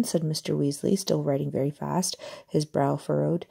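A woman's voice: sits low, fairly even intonation, moderate pace, vocal fry, mellow, husky. A woman reading a novel aloud, narrating steadily with occasional slips and self-corrections. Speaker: audiobook reader. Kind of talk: amateur audiobook narration.

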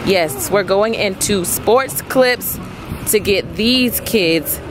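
A woman vlogger talking casually to her viewers. She is chatty and expressive and breaks into loud, alarmed exclamations. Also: medium pitch, slow, noisy background. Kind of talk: casual vlog chat.

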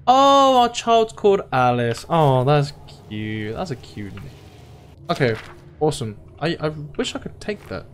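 A man's voice: fairly high pitch, big pitch swings, unhurried. A young man chats through a video game, reacting aloud in a playful, casual way. There is faint noise beneath his voice. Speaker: gaming YouTuber. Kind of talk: let's play commentary.

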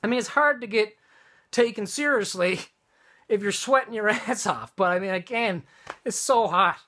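Angry profane rant, bright forceful voice, restarts and repeats, talking to camera at home. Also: medium pitch, moderate pace. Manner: heated, swearing, repetitive restarts. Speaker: vlogger and wedding studio owner. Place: own room at home.

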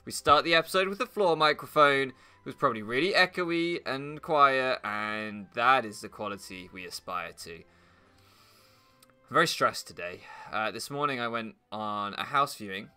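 A man's voice: lowish voice, animated, moderate pace, bright, forceful tone, clear, resonant tone, soft background music. A young British man playing a game and rambling through casual commentary, sarcastic, swearing and bursting into mock outrage. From Britain. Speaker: gaming YouTuber. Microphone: floor mic at first, then desk mic.

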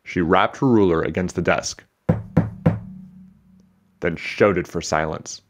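A man reading a children's book aloud, narrating in a steady, even storytelling manner. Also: low voice, takes it slowly, faint music behind.

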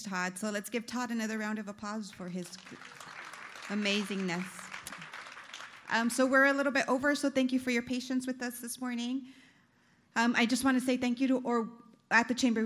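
Upbeat woman rushing through closing remarks. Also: medium pitch. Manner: upbeat, many fillers, rushing to wrap up. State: a little out of breath. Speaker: chamber of commerce president and CEO. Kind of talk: closing remarks at a business breakfast.

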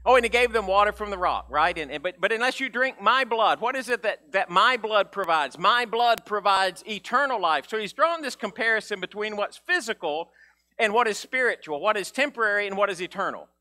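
A man preaching a conversational, animated sermon as pastor, often restarting his sentences and acting out quotes. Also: high voice, brisk.

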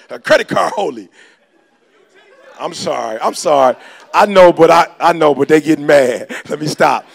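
A man's voice: on the high side, creaky, fairly bright tone. A man giving a fiery motivational speech, lecturing his listeners in slangy street talk. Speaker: motivational speaker.

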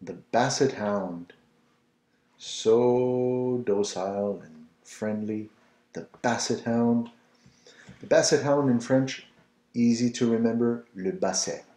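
A man giving a patient, slow pronunciation lesson, saying each word again and again for the listener to repeat. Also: medium pitch, darkish tone. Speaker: French language teacher. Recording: roomy echo.

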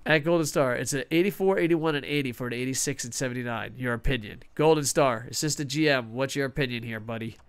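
A man casually commenting over a hockey video game, excitable, swearing often and talking to himself. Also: medium pitch, fast talker, hardly any pauses, smooth. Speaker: gaming streamer.

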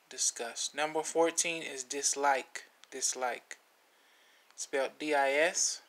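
A man hosting a vocabulary video, naming each word, spelling it letter by letter and repeating it, with relaxed asides. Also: fairly high pitch. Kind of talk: slow spelling lesson.

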